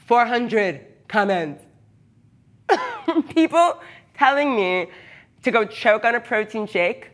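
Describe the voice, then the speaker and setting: A woman's voice: fairly high pitch, animated, takes it slowly, pauses often, fairly bright tone. Hyper chatty woman streaming live. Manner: hyper, chatty, laughs often. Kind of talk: casual livestream chat with viewers. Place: her workshop space.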